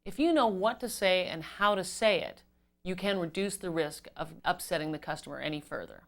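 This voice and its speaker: Woman trainer explaining customer service step by step, lowish voice, leans on key words. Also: a little fast. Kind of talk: instructional talk to camera.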